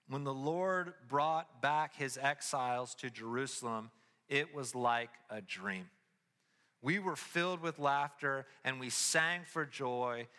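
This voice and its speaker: A man giving a casual, animated sermon as pastor, telling stories with his voice rising as he gets excited. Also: mid-range voice, in a large hall.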